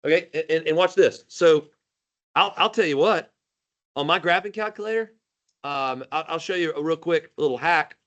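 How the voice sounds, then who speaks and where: A man teaching a high school math class live, joking and calling on students by name. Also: moderate pace, a bit bright, lo-fi sound.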